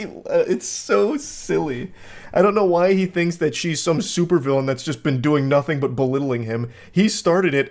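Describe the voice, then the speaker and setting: Exasperated man mocking creepy texts. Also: on the high side. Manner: exasperated, mocking, laughs often. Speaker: commentator reading texts. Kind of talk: sarcastic commentary.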